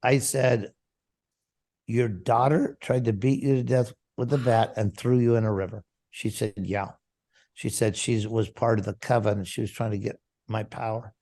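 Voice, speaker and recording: A man's voice: on the low side, steady tone, moderate pace, mellow. A man, a pastor, telling a personal story in an interview and acting out the dialogue vividly.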